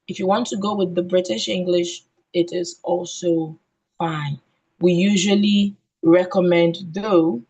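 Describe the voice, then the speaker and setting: A woman training teachers in phonics, modelling letter sounds slowly and deliberately and checking in with "okay?". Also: on the low side, darkish tone, husky, rough recording. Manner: ends points with a questioning "okay?".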